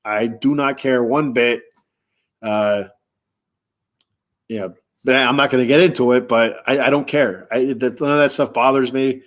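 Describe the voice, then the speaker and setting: Male podcast host, casual rambling solo talk, mid-pitched, relishes his topic. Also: fairly even intonation, moderate pace, long pauses. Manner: rambling, restarts, chuckles, lists with relish.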